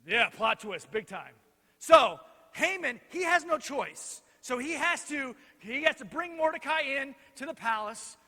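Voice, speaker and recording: A male pastor telling a Bible story in an animated, joking way while directing helpers on stage, in a reverberant church hall. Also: extremely high pitch, unhurried. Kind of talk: children's Bible lesson storytelling.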